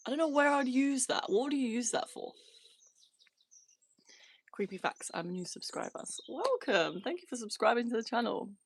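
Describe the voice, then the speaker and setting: A thirty-something woman hosts an easygoing live chat from a small converted shed, reading comments from viewers and laughing often. She speaks at normal speed in a higher voice with lively intonation, over slight background noise.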